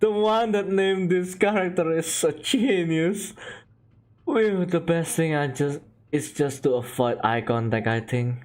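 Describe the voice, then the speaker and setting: A man casually commenting on a game he is streaming, reacting in an animated, giggly way. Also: on the high side, a little slow.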